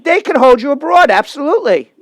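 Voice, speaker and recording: Man, high voice, dry close sound, emphatic lawyer host, call-in advice show, repeats his points. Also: big pitch swings, fast talker, a bit bright, no room sound.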